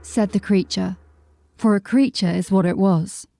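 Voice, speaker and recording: A woman narrating a fantasy audiobook in a measured, descriptive storytelling manner. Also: medium pitch, fairly even intonation, vocal fry, warm tone. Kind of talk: scripted narration.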